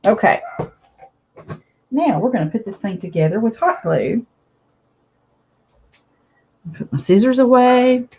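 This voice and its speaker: A woman's voice: a little high, animated, takes it slowly, pauses often, a little mellow, breathy edge. A woman chatting casually to viewers while she makes a craft project, rambling from one thought to the next. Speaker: craft vlogger. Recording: slightly dull lo-fi audio.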